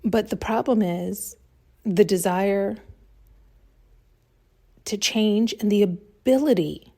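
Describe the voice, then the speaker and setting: A woman's voice: mid-range voice, slow pace, warm tone. A woman hosting a podcast, giving a blunt, heated solo monologue during an intuitive reading and swearing freely. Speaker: podcast host.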